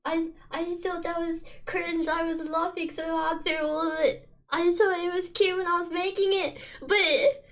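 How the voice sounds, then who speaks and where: A woman streamer chatting casually on a live stream, giggly and excitable, often repeating her greetings. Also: extremely high pitch, measured pace.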